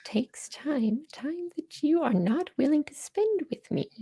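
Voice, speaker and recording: A man's voice: very high-pitched, big pitch swings, a little slow, mellow, voice pushed up, exaggerated voice. A man voicing a sly, spiteful old witch in a whispered role-play, with a cracking hag voice.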